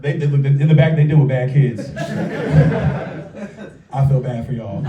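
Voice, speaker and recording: High-voiced man doing profane stand-up. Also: takes it slowly, lo-fi sound, a crowd in the background. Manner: profane, animated storytelling. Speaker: stand-up comedian. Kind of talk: stand-up comedy set. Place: live show at a small local art venue. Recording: roomy, distant mic, audience laughter.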